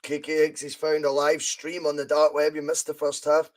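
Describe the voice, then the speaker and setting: A Scottish man hosting a football podcast, giving live fan commentary on a match, chatty and reading out viewer comments, with excited bursts at chances. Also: fairly high pitch, normal speed.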